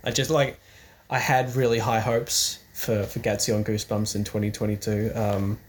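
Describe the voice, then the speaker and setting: A man's voice: fairly low pitch, level tone, normal speed. A man hosting a podcast, talking in a rambling, hesitant, earnest way about a book. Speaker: podcast host. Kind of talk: casual chat.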